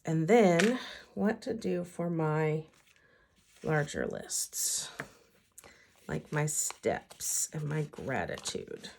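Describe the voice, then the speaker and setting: A woman's voice: sits low, very animated, slow, creaky, darkish tone, a little hiss or hum. A woman vlogger and teacher chatting casually to herself as she decorates her weekly planner.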